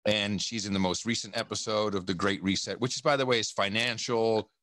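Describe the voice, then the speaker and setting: A man's voice: fairly low pitch, fairly even intonation, brisk, a bit bright, dry recording, studio quality. A man talking in a casual interview, rambling and emphatic, swearing often and restarting his sentences. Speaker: podcast guest. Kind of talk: casual conversation.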